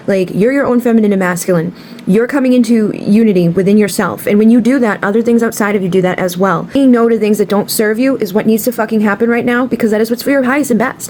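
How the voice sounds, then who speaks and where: A woman's voice: medium pitch, fast talker, a little mellow, slight background noise. A woman giving a tarot card reading to camera, talking bluntly and passionately and swearing freely. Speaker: tarot reader.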